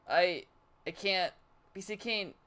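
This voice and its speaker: A man's voice: sits high, takes it slowly, pushed and bright, smooth, pitched above the performer's own voice, full character voice. A man reading as a shy, flustered bookish girl. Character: shy, bookish young woman, flustered and obsessive. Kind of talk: reading game dialogue aloud.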